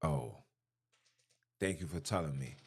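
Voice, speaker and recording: A man preaches through scripture on his podcast. His pitch climbs and drops all the time. He repeats key lines emphatically and keeps throwing questions at his listeners. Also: animated, measured pace, creaky, a little mellow, husky. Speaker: podcast host. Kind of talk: preaching-style scripture commentary.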